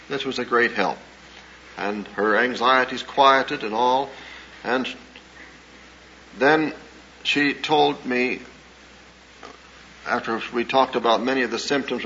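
An earnest male pastor tells a counseling story in a measured way, with small hesitations. His voice is bright and clear in the middle range. The recording is dull and lo-fi, with a faint hiss behind it. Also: medium pitch. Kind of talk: sermon-style talk with anecdotes.

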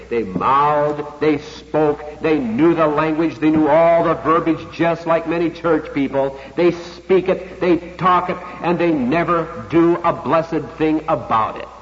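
A man preaching an expository sermon, emphatic and dramatic, slowing down to stress key words. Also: a little high. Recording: lo-fi recording with long hall reverb.

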